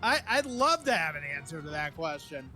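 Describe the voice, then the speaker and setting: A woman streaming a game, thinking out loud as she plays. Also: low-pitched, normal speed, soft background music. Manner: thinks aloud while playing, animated. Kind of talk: live game commentary.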